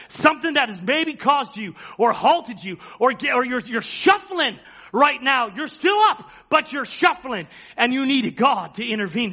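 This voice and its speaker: High-voiced man preaching fervently. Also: expressive, moderate pace. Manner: builds to shouted, fervent preaching. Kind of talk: sermon. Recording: muffled lo-fi recording.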